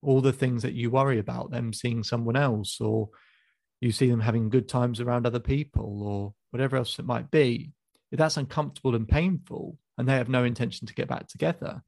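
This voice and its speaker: Male life coach, gravelly, calm probing delivery, dry close sound. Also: medium pitch, fairly quick, dry recording. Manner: calm, probing questions, hesitant restarts. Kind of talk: coaching session. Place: video call.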